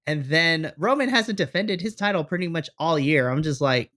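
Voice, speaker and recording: Man, podcast co-host, casual wrestling chat, animated, bright tone. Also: on the high side, moderate pace. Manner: animated, quotes his own reactions.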